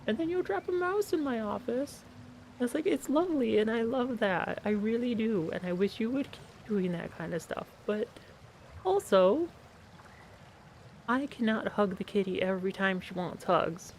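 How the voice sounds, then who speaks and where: A woman's voice: mid-range voice, expressive, normal speed, gravelly, darkish tone, slight background noise. A woman streaming a game from her home office, chatting casually, answering her chat and talking to her cat. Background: background music.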